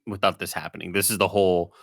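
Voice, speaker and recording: A man's voice: low voice, quick pace, vocal fry, dry recording, clean studio sound. A man co-hosting a podcast, talking casually with lots of filler words. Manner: relaxed, conversational, filler likes. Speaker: podcast co-host. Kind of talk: casual chat.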